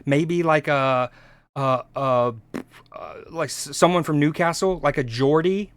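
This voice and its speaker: A man's voice: on the high side, unhurried, clear, resonant tone, dry recording. An American man live-streaming casual commentary, rambling and restarting his sentences with offhand swearing. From United States. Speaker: streamer reacting to a video.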